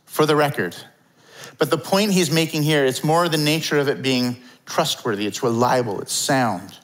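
A man's voice: on the high side, moderate pace, poor audio. Conversational male preacher. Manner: conversational, animated preaching with fillers and acted asides. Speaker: pastor. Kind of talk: sermon. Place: church hall before a congregation.

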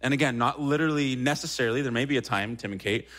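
A man's voice: medium pitch, quick pace, fairly bright tone. A young man preaching a sermon in a church, talking conversationally, tossing in frequent "right?" asides and rising animatedly when he quotes Peter. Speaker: pastor.

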